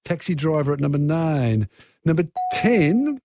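A man's voice: on the high side, sing-song, a little slow, darkish tone, no room sound, clean studio sound. An Australian man hosting a radio phone-in quiz, chatty, reading out questions and giving callers hints.

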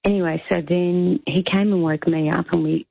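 A woman phones in to a radio show, her gravelly, husky voice sitting a little low. She tells her story in an emotional, rambling way over a thin, tinny phone line. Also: steady tone, moderate pace, dry recording. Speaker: caller. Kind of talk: phone-in recollection.

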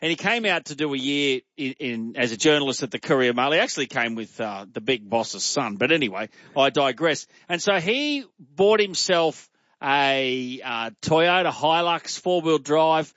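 Jovial Australian radio host. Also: male voice, medium pitch, animated, moderate pace, a bit bright, no echo, highs cut off. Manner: jovial anecdote-teller, does voices of people in his stories. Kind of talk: casual chat.

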